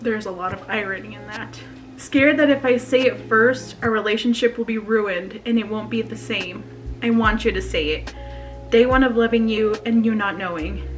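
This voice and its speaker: Chatty, emotional young woman vlogger. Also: a little high. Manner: emotional, nervous laughter, chatty. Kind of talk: casual confessional vlog, reading a journal aloud.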